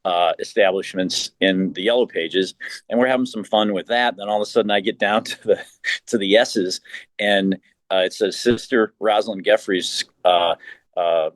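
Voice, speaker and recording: A man's voice: lowish voice, normal speed, no room sound. A man being interviewed as a team executive, telling anecdotes with frequent repeated words and restarts. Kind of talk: storytelling in an interview.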